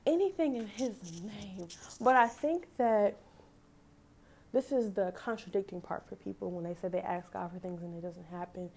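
A young woman with a mellow, warm voice hosts a devotional podcast. She reads verses aloud and talks them through in an earnest, heartfelt way. She often stops mid-sentence to correct herself. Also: mid-range voice, moderate pace, breathy edge. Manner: earnest, emotional, self-correcting. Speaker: podcast host. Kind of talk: casual devotional talk.

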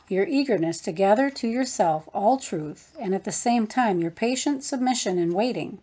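A woman's voice: mid-range voice, warm tone, husky. A woman voicing a kindly elder brother in a storybook reading, with an earnest, encouraging way of talking.

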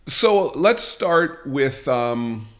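A man's voice: mid-range voice, sing-song. A man co-hosting a comedic podcast, blunt and opinionated, often stumbling over his words. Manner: blunt, opinionated, halting with fillers. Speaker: podcast co-host. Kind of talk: comedic casual podcast chat.

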